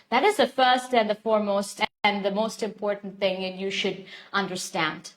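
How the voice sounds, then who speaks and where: Speaking at a moderate pace with few pauses, a young woman with an Indian English accent teaches an English class online in a live lesson. Her medium-pitched voice is fairly bright, and she explains steps in detail, repeats herself, and greets viewers by name.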